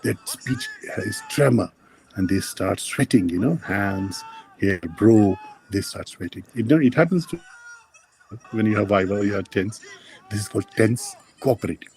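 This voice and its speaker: A man lecturing dental students, explaining plainly with many pauses and fillers and addressing the class directly. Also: fairly low pitch, animated, gravelly, darkish tone, slight background noise. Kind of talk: university lecture.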